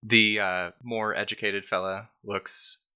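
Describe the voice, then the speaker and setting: A man runs a tabletop game as game master, narrating scenes casually with lots of "uh" and "like." His voice is very bright and sits a little low. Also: little pitch movement, slow pace, clear, resonant tone. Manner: descriptive, with frequent "uh" and "like".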